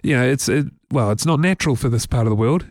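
A man's voice: mid-range voice, animated, fast, darkish tone, no echo, clean studio sound. A man from New Zealand co-hosting a casual tech podcast, chatty and rambling with many fillers. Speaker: podcast co-host.

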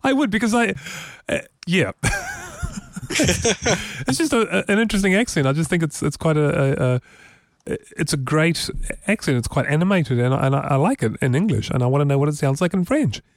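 Kiwi male co-host, slightly high voice, dry close sound, rambling and giggly. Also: expressive, moderate pace, dry recording. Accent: New Zealand. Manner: chatty, laughs often, rambling. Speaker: podcast co-host. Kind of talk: casual tech podcast chat.

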